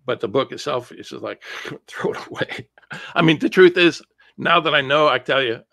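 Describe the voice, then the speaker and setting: A man speaking as an interview guest, recounting a personal story in a loose, chatty way. He is animated and often restarts his sentences mid-thought. His voice sits at a middling pitch and sounds dry, with no room echo. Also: brisk, gravelly.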